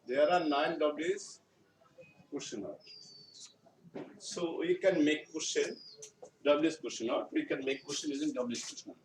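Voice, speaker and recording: A male teacher with a Bangladeshi English accent giving a classroom grammar lesson, speaking slowly and repeating his phrases. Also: on the high side. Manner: slow, repetitive explaining, often restating phrases. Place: school classroom. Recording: echoey room, far mic, noisy background.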